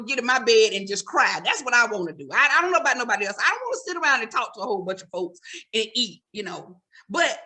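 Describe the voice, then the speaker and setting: Her high, bright, sharp-edged voice carries a stand-up routine in which this middle-aged woman chides and ribs the crowd, tossing in sassy asides.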